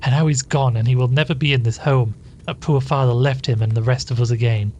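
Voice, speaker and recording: A man's voice: mid-range voice, fairly even intonation, fairly quick, a little mellow, a little hiss or hum, natural voice. A man voicing a nervous, tearful woman in a read-aloud story, speaking in a wailing, sobbing way.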